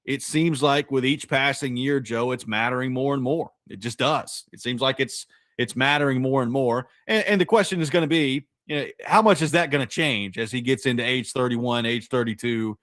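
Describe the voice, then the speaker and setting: A man co-hosting a sports radio show, working through an argument out loud with restarts and asides. His voice sits at an ordinary middle pitch. The studio sound is close and dry. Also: fairly even intonation, normal speed, hardly any pauses, no echo. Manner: thinking aloud, stacked restarts, argumentative. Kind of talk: casual sports talk.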